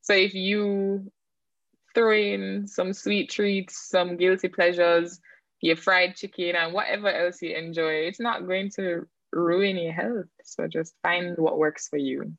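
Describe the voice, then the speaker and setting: A woman guest in a casual podcast chat, telling stories quickly and with animation. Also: lowish voice, level tone, dry recording. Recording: dry, dull lo-fi mic.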